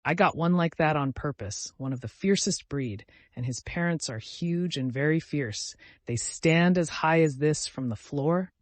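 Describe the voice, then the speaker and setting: A man reading aloud and voicing an excitable, eager-to-please poor father who is close to tears, in an audiobook. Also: fairly high pitch, unhurried, few pauses, dry recording, lightly acted. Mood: eager welcoming. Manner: fervent, fawning, near tears. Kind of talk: audiobook character voice.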